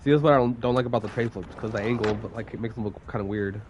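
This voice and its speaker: Young guy on stream still coughing from a cold, swears a lot and says like constantly, kinda low voice. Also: rapid-fire, a little mellow, muffled recording, a little hiss or hum. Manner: rambling, profane, heavy use of "like". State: recovering from a cold, coughing now and then. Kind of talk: casual stream chat.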